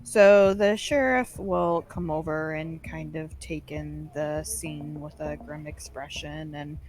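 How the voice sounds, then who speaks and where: A woman's voice: deep voice, fairly even intonation, takes it slowly, darkish tone. A woman narrating as game master of a tabletop game, describing scenes casually with lots of fillers.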